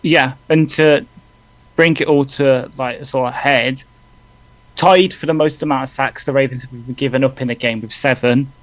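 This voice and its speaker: A man co-hosting a live fan stream, reading out stats in a halting way with fillers. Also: medium pitch, fairly even intonation, dry recording. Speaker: fan podcast co-host. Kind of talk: casual live watch-along chat.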